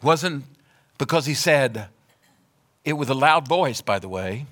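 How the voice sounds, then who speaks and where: A man with a bright, forceful voice preaches a sermon. He builds phrase on phrase in rhythmic repetition and rises to loud, emphatic declarations. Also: mid-range voice, lively intonation, unhurried. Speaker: pastor.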